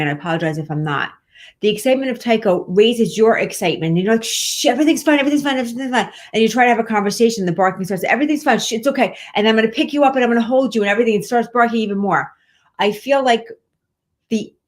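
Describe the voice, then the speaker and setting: A woman hosting a live pet-medium show, chatting casually and rambling reassuringly with plenty of fillers. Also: mid-range voice. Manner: warm-hearted, reassuring, rambling with many fillers. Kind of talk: casual live-stream chat.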